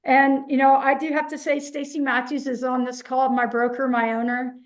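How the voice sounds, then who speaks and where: A woman's voice: sits high, flat delivery, normal speed, low-quality recording. A woman on a panel telling a personal story in a candid, conversational way. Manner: candid, conversational, repetitive restarts.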